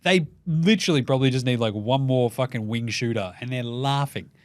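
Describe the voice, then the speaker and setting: Hosting a comedy sports program, an Australian man swears liberally and performs the voices of those he quotes as he rants. His pitch is medium, his pace a little quick, and there's no echo.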